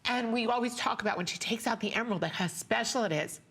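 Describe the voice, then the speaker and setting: A woman on a shopping channel giving a sentimental, repetitive sales pitch for jewelry, tearing up as she talks. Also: fast, a bit bright, a little hiss or hum. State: teary. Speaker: jewelry designer and shopping show guest.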